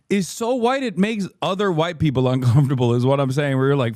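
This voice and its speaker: A man's voice: fairly high pitch, normal speed, a little mellow, no room sound, clean studio sound. A man in his thirties hosting a stream, giving casual reaction commentary as a profane, joking rant. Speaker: streamer host.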